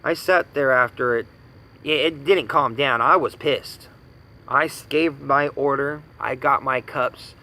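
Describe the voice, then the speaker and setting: A man's voice: mid-range voice, measured pace, bright, forceful tone, poor audio. A man in his thirties from the United States giving an angry personal rant, indignant and profane, hammering points with repetition. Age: 30s. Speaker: vlogger ranting.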